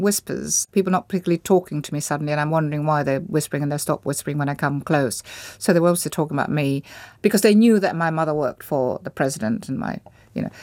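A woman from Indonesia, an interview guest, thoughtfully recalling her past with pauses and restarts as she searches for words. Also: sits low, dry recording. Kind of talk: reflective personal recollection.

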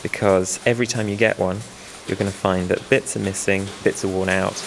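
A man with a low, gravelly voice talks about weaving in a documentary interview. He rambles a little, makes fun of himself and chuckles now and then. His tone stays easy and unhurried. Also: fairly even intonation, a little hiss or hum. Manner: self-deprecating, chuckling, rambling. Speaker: weaver restoring old looms.

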